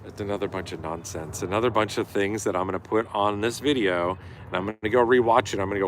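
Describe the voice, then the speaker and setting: A man's voice: on the low side, fast, hardly any pauses, a little hiss or hum. A middle-aged man telling a story in a casual, profane live-stream rant. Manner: profane, animated, acts out yelling quotes.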